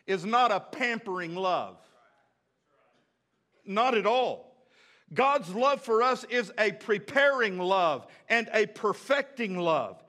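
A man preaching a sermon as pastor, repeating key phrases and swinging between loud emphasis and hushed moments. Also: high-pitched. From United States.

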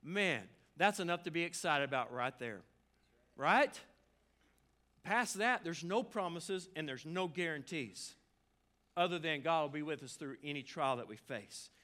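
A man delivers a sermon, his voice bright and fairly high for a man. He preaches in a casual, joking way, tossing in asides to the congregation. His delivery is animated and expressive. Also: measured pace. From Arkansas. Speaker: pastor.

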